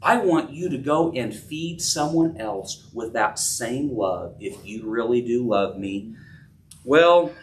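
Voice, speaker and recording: A man with a fairly bright tone preaches a sermon as a pastor in a church sanctuary, earnest as he acts out scripture dialogue with rising pitch. He sounds distant from the mic, and there's slight background noise.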